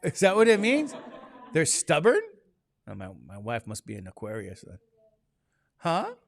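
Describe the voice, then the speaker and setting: A man's voice: fairly high pitch, wildly swooping pitch, unhurried, creaky, no echo. A man teaching statistics to a classroom, talking casually and constantly quizzing his students with questions. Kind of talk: classroom lecture.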